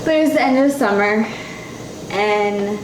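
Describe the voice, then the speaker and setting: A woman's voice: medium pitch, measured pace. Young woman, heartfelt run-on storyteller, tipsy, roomy and noisy. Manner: run-on, heartfelt, restarts often. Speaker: bride telling her love story. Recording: echoey room with clear noise.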